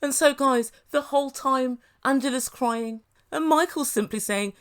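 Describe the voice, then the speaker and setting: A woman's voice: high voice, unhurried, hardly any pauses. Sarcastic woman reviewing reality TV. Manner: sarcastic, mimics the people she quotes. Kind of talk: commentary.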